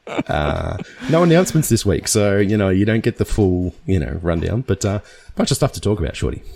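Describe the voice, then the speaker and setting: Man, very low voice, rough and husky, stuffy from a cold, dry joking podcast chat. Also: sing-song, brisk, darkish tone. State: congested with a cold. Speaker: podcast co-host. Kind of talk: casual chat.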